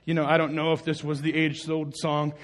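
Male pastor, higher voice, lively sermon delivery that acts out the scenes and swings between loud and hushed. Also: fairly quick. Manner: animated, acts out the story in voices, rises loud then drops soft.

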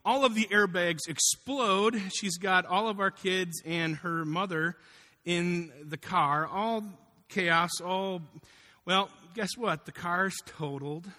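A man preaching a sermon, telling a personal testimony with animated storytelling and acted-out quotes. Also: high voice, takes it slowly. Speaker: pastor. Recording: long hall reverb.

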